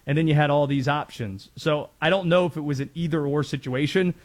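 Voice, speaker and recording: A man's voice: a little high, brisk. A man from North Carolina hosting sports talk radio in a chatty way, laughing easily and wandering into asides.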